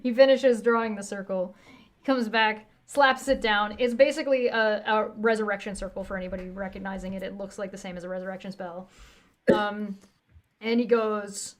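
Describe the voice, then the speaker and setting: A woman's voice: mid-range voice, moderate pace. Laughing woman game master. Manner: loose, laughing, filler-heavy narration. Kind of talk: narrating a tabletop game.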